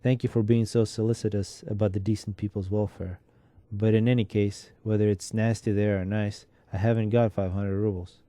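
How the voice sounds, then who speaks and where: A bitter, mocking middle-aged Russian clerk, worn down by illness, holds forth in a sardonic, lecturing drawl, as a man reads him out in a storybook telling. The voice is very dark and mellow, a little low, and sits close and dry with no room around it. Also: little pitch movement, moderate pace, hardly any pauses, no room sound, close to an everyday voice.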